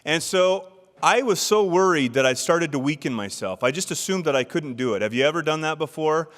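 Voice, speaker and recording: A man's voice: fairly high pitch, lively intonation, fairly quick, fairly bright tone. Man giving a devotional talk in a big hall. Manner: storytelling with rhetorical questions to the audience. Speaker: church speaker. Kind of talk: devotional address. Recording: long hall reverb.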